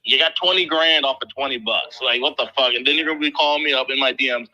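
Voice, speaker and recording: Male crypto show host, 30s, from the Philly area. Very bright, loose and profane. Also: mid-range voice, fast, hardly any pauses, muffled recording. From Philadelphia area. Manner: loose, profane, animated storytelling. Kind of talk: casual chat.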